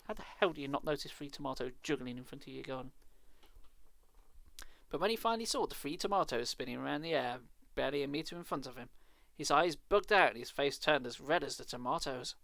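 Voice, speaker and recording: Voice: medium pitch, animated, fast, creaky, a bit bright, no echo. A streamer reading a children's horror book aloud live, with casual, sarcastic, swearing asides.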